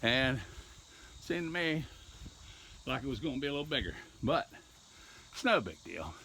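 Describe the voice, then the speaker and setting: A man's voice: medium pitch, sing-song, moderate pace, sharp tone, slight background noise. Folksy joking man filming outdoors. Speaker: hobbyist vlogger. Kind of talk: casual chat to camera. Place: outdoors in the yard.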